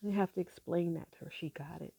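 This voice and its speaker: A middle-aged woman with a gravelly, mellow voice tells a personal story. She speaks softly and haltingly, pausing often between thoughts, and the sound is close and dry. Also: lowish voice, dry recording. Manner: halting, soft-spoken, with many pauses and fillers. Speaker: grieving mother sharing her story.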